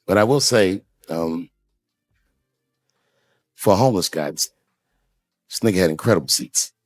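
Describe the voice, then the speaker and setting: A male stand-up comedian telling a story on stage into a handheld mic, swinging between loud outbursts and quiet asides. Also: low-pitched, normal speed, no room sound, faint music behind.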